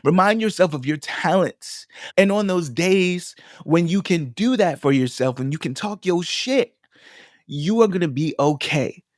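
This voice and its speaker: A man's voice: a little high, lively intonation, measured pace, no room sound, studio quality. A young man hosting his own podcast, talking in a casual, sassy, affirming way and calling listeners baby as he gives them a pep talk. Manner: pep-talk, builds to emotional encouragement. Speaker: podcast host and food vlogger. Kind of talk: casual solo podcast monologue.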